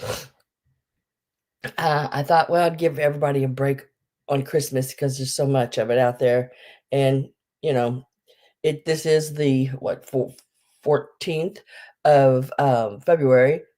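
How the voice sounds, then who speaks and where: Her voice rumbling low and dark, a middle-aged woman hosts a live online sale in the groggy tone of someone just out of bed. She keeps a steady tone and a slow pace with long pauses as she rambles casually and greets viewers by name.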